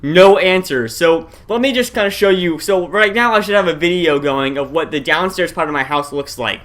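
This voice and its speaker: Lively young man telling a story. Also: on the high side, moderate pace. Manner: animated, addresses viewers as guys, shouts at tense moments. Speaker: vlogger. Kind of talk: casual storytelling to camera.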